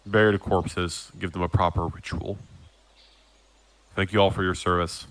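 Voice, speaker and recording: A man voicing a stern, formal captain in a tabletop game, speaking low and measured. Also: fairly even intonation, a bit bright. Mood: solemn.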